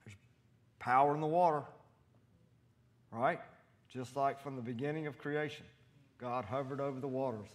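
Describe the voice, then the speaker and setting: A man preaching in a church, voice set in the middle of the male range. He tells stories with animated energy and often jumps into loud acted-out quotes. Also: medium pitch, normal speed, long pauses. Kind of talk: sermon with storytelling.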